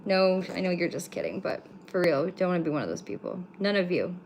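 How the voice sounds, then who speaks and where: A woman's voice: fairly low pitch, big pitch swings, a little fast, gravelly, a little mellow, a little hiss or hum. A woman from Canada hosting a casual livestream from her home, talking bluntly to her viewers, swearing freely and teasing the chat. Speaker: livestream host. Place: home room with pets.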